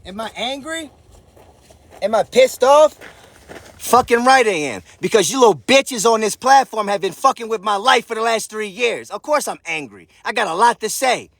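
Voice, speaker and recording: A man giving a profane, defiant rant to his followers, often breaking into shouts. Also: high-pitched, animated, a little fast, gravelly, hardly any pauses. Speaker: social media creator. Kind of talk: ranting monologue to his followers.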